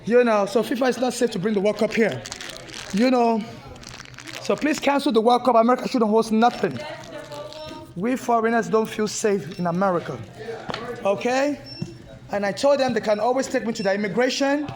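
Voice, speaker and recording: Recorded on a handheld phone indoors in a public building, this Nigerian woman is a protester ranting angrily in an agitated, insistent, repetitive monologue. She speaks at normal speed with a fairly high, darkish voice and pauses often.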